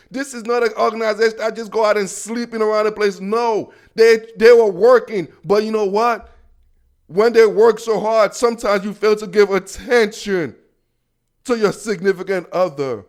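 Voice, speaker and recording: A man's voice: sits high, fairly even intonation, moderate pace. A young man hosting a football podcast, talking casually in a playful, slangy way straight to his listeners. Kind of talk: casual sports commentary.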